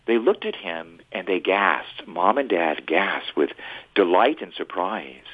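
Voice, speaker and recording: A priest telling a story in an animated way on a radio talk show. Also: male voice, sits low, takes it slowly. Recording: tinny phone-like radio line.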